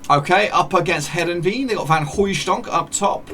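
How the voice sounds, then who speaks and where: A man's voice: high voice, normal speed, pushed and bright, a little hiss or hum. A man chatting casually as he plays a football management game, narrating the matches like a commentator and often correcting himself as he talks. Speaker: gaming YouTuber.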